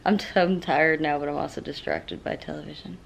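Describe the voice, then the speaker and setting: A woman's voice: sits low, a little fast, gravelly, poor audio. Candid woman in her thirties. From California. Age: 30s. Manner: candid, rambling, self-deprecating with frequent fillers. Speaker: vlogger. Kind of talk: casual diary vlog. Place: at home and in a car.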